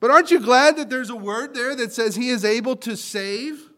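A male pastor preaching a sermon, swinging from loud emphatic lines to quiet ones as he explains and quotes scripture. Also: extremely high pitch, normal speed. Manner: teaching word meanings and quoting scripture.

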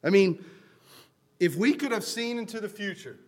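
A man's voice: high voice, moderate pace, a little mellow. A man in his thirties giving a conversational sermon, joking and chatty as he mixes anecdotes with scripture readings. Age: 30s. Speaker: preacher.

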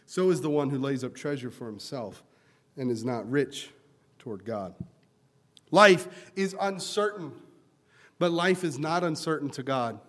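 A man's voice: medium pitch, a little slow, pauses often, fairly bright tone. A man in his thirties giving a conversational sermon, joking and chatty as he mixes anecdotes with scripture readings. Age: 30s. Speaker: preacher.

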